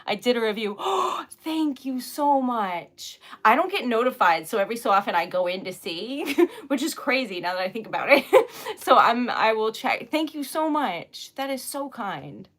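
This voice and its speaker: A woman's voice: fairly high pitch, big pitch swings, normal speed, fairly bright tone. A woman hosting a casual craft livestream, chatting and giggling often as she greets viewers. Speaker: livestream host making wax seal stickers.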